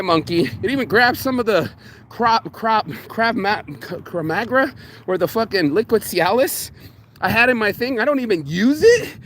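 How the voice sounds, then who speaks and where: A man's voice: extremely high pitch, slight background noise. A man ranting casually in a morning vlog, telling stories with heavy swearing and acting out what other people said. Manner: profane, animated storytelling with quoted voices. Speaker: vlogger. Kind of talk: casual rambling vlog rant.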